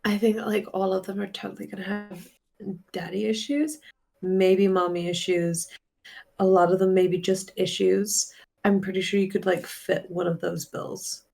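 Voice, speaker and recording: Gravelly woman, hesitant casual gamer. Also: medium pitch, little pitch movement, moderate pace, a little mellow. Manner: hesitant, filler-heavy, playful. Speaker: player. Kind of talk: casual tabletop game chat.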